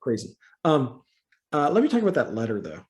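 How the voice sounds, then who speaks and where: A man's voice: medium pitch, wildly swooping pitch, fairly quick, a little mellow. A man guesting on a movie review chat, talking casually and animatedly, laughing often and ranting in exasperation.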